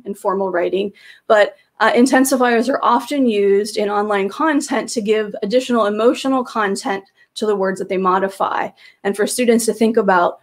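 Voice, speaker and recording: A woman presenting slides to teachers, explaining in a patient way with frequent fillers and restarts, speaking into a computer microphone on a video call. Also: mid-range voice. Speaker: teacher trainer presenting a webinar.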